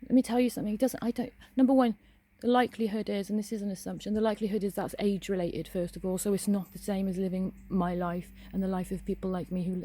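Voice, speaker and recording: A woman's voice: fairly low pitch, warm tone, a little hiss or hum. A young woman ranting bluntly to camera, swearing often and speaking frankly. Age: young adult. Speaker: vlogger. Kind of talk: casual ranting monologue.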